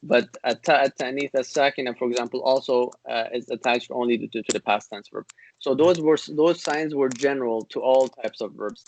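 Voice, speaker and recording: A man's voice: medium pitch, fairly quick, slight background noise, poor audio. Man, grammar teacher, online class, patient, repeats himself, lots of uh and um. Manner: patient, repetitive, many fillers and restarts.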